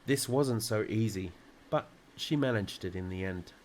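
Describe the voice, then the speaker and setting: A man calmly reading a children's book aloud in a relaxing storytime. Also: on the low side, normal speed, poor audio. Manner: calm, relaxing delivery.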